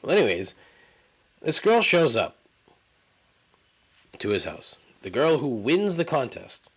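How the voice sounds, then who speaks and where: This podcast host has a medium-pitched, slightly rough voice and is very animated despite his slow pace. Alone at the mic, he tells a rambling, profane story with an incredulous edge.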